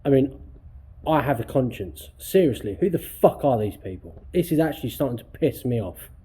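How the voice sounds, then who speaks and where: A man's voice: mid-range voice, lively intonation, fairly quick, mellow, husky. A man restoring a car in his workshop vlog, ranting angrily with heavy swearing. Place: garage workshop.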